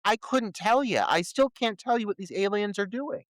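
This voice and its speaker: A man co-hosts a movie podcast and reacts to the film with animated disbelief, swearing as he goes. His voice sits a bit high for a man. The sound is dry and close to the mic. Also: normal speed, dry recording. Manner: animated and incredulous, swears freely. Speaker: podcast co-host. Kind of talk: casual movie review chat.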